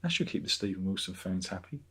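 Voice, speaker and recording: Sardonic man with a husky voice. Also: sits low, big pitch swings, fast, a bit bright. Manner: rambling, sardonic, reads chat aloud. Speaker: livestream host. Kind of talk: casual livestream chat.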